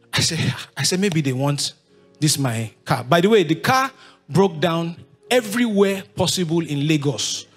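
A man with a Nigerian accent in his thirties, telling his life story to an audience in lively, animated storytelling. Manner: lively, acts out voices of others with big pitch jumps, laughs while telling.

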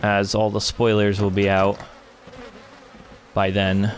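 A young man giving let's play commentary on a horror game, excitable and swearing, yelling in panic when chased. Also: lowish voice, takes it slowly, slight background noise. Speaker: gamer.

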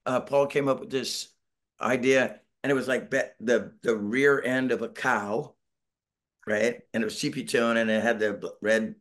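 A man's voice: medium pitch, steady tone, moderate pace, a bit bright. A middle-aged man talking casually on a video call from home, telling a rambling story and acting out quotes. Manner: rambling storyteller, acts out quotes, self-deprecating. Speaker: band member, interview guest. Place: home, Northern California.

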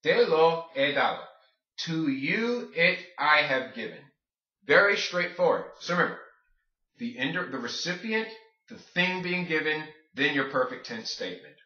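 A man teaching Spanish grammar in a video lesson, explaining each step slowly as he writes it out. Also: fairly high pitch, animated, sharp tone. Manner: explains step by step, writing on a board. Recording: roomy, dull lo-fi sound.

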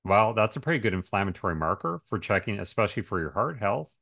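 A man's voice: fairly low pitch, animated, fast, gravelly, a bit bright. A man in casual podcast conversation, talking emphatically and asking rhetorical questions. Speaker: podcast speaker on diet and health.

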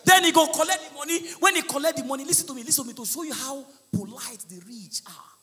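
A Nigerian man with a Nigerian accent doing live stand-up comedy, shouting his punchlines and slipping into Pidgin. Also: very high voice, fast talker, in a large hall, faint music behind. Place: large live comedy venue with audience.

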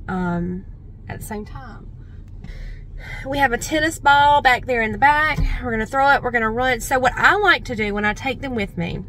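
A woman's voice: on the high side, bright, forceful tone, slight background noise. A woman chatting casually to the camera in a vlog, talking firmly to her dogs from a car. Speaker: vlogger.

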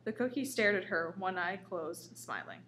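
A woman's voice: on the low side, animated, normal speed, fairly bright tone. Woman reading a story over faint hum. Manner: casual, stumbles and laughs while reading. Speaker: story reader. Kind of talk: reading a comic story aloud.

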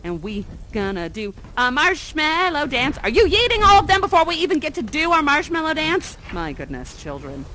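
A doting, mischievous exiled mother sorceress in live interactive theater. Her voice sits high and bright, leaping wildly in pitch as she coaxes and teases with playful drama. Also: huge pitch swings, normal speed, hardly any pauses, a little hiss or hum, exaggerated voice. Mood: excited cheerful. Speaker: immersive theater actor.

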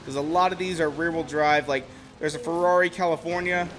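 Excitable young man streaming a racing game. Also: on the high side, fairly quick, slight background noise. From Ohio, USA. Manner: excitable, rambling storyteller. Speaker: gameplay streamer. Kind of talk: casual gameplay commentary.

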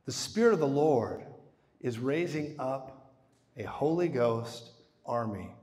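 A man preaching a live sermon who tells the story with animation, swinging from hushed to booming. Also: lively intonation, takes it slowly. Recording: reverberant hall.

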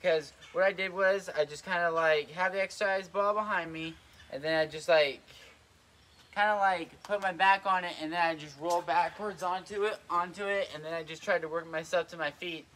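Young man, high-ish voice, winded, filler-heavy casual how-to. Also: fairly even intonation, moderate pace, a bit bright. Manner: rambling, lots of "like" and "kinda", repeats himself. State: out of breath. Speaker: trampoline tips vlogger. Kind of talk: casual instructional vlog. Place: outdoors on a trampoline.

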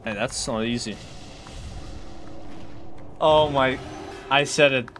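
A man's voice: mid-range voice, slow, fairly bright tone, slight background noise. A man streaming a raid, chatting casually, swearing and saying bro all the time. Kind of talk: casual gaming chat.

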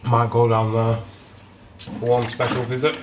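A young fitness vlogger chats and rambles in a home vlog, eating while he talks and sounding congested from a cold. His voice is medium-pitched, monotone and a little slow, picked up by a distant camera mic in a noisy room.

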